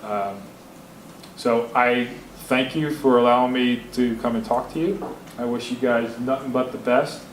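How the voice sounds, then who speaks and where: A man's voice: mid-range voice, steady tone, measured pace. Emotional anecdotal businessman in a roomy hall. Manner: candid, anecdotal, openly emotional. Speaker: guest speaker. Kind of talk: lecture to students. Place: university lecture room. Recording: roomy hall with faint background hiss.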